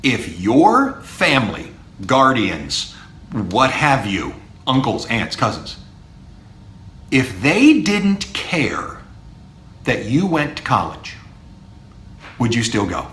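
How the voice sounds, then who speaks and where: Middle-aged male professor hosting his own podcast: animated, emphatic, lively pitch, recorded in a roomy space with faint background noise. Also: slow. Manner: lively, emphatic, mimics imagined students. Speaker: university professor, podcast host. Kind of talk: solo podcast monologue to students. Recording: echoey room with faint ambience.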